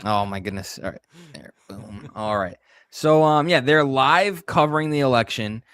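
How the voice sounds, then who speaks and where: A man co-hosting a casual political call-in show, giving animated opinions and laughing often. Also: mid-range voice, normal speed. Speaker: co-host.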